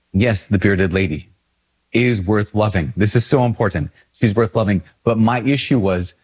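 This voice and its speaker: A man, a priest, talking casually on video, animated and self-deprecating. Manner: animated, self-deprecating, jumps in pitch for quoted asides.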